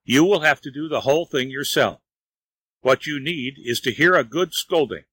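A man voicing an old male fairy who scolds and teases slowly and deliberately. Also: medium pitch, a bit bright, breathy edge, no echo, low-quality recording. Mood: scolding.

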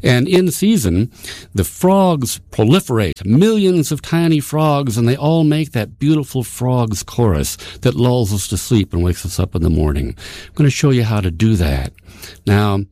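A man's voice: medium pitch, expressive, unhurried, warm tone. A man hosts a folklore radio program in a folksy, homespun way. He rambles and restarts as he tells his stories. The studio sound is dry and close, with no room echo.

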